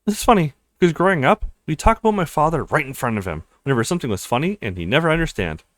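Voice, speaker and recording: A man's voice: a little high, big pitch swings, racing, dry recording. A man playing a chatty young law student. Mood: friendly. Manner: friendly and chatty.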